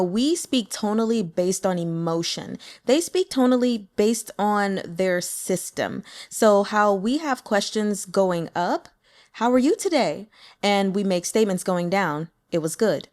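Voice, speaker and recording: An upbeat woman, a native English speaker, walks through pronunciation in a casual, friendly lesson. She demonstrates each sound with big, exaggerated examples, and her voice sits at an ordinary middle pitch. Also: a little mellow. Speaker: language teacher.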